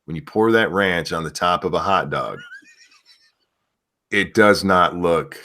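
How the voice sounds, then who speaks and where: A man's voice: low-pitched, a little slow. A man hosting a casual chat show, rambling through crude jokes and reading out donations. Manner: loose rambling crude humor, animated. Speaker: show host.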